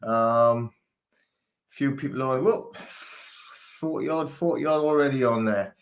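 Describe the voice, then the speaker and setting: A man hosting a casual livestream, talking in a halting, rambling way with many fillers, emotional and grieving. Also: mid-range voice. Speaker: livestream host. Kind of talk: casual live-stream chat.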